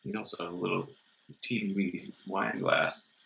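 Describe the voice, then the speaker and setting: A man's voice: deep voice, fairly even intonation, moderate pace, vocal fry, pushed and bright. A man in his thirties co-hosting a casual beer-tasting chat, joking and self-deprecating. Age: 30s. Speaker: co-host. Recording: echoey, dull lo-fi room sound.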